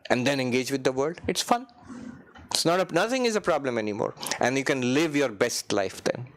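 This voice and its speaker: A man, a monk giving a spiritual retreat talk in a meditation hall, animated, swinging his pitch high and low, chuckling and chanting Sanskrit verses. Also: fairly quick.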